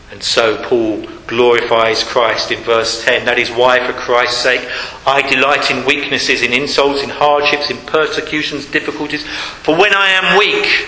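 Bright-voiced preacher in an echoing hall. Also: male voice, medium pitch, measured pace. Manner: earnest, swings from loud to hushed for emphasis. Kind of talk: sermon. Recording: echoey hall with long reverb, faint hiss.

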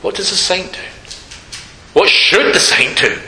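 A man preaching a sermon, earnest, dropping from full voice to a hush for emphasis. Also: high voice, animated, measured pace, gravelly. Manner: earnest, swings from loud to hushed for emphasis. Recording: echoey hall with long reverb, faint hiss.

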